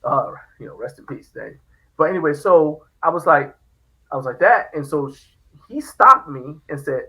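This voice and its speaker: A man's voice: on the high side, lively intonation, moderate pace, bright, forceful tone, rough recording. A man hosting a podcast, telling a story in casual chat and acting out the quoted lines. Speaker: podcast host.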